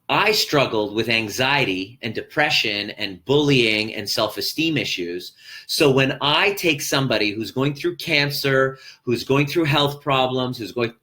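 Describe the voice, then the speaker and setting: Bright-voiced man coaching viewers live. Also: mid-range voice. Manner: earnest, repeats phrases, addresses viewers directly. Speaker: life coach. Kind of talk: motivational live stream. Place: hotel room.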